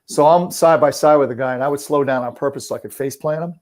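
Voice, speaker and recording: A man talks quickly about his hockey days in a relaxed chat, his voice at a middle pitch. He is earnest and keeps restarting his sentences and saying "you know". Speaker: podcast guest, former hockey player. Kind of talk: casual conversation.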